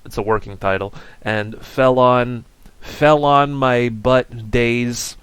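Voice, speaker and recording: A man's voice: medium pitch, fairly even intonation, takes it slowly, fairly bright tone, clear, resonant tone, no echo. A man voicing a goofy, cheerful male bean mascot in a comedy sketch, rambling in silly, self-mocking ad patter. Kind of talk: comedy sketch, break-screen video.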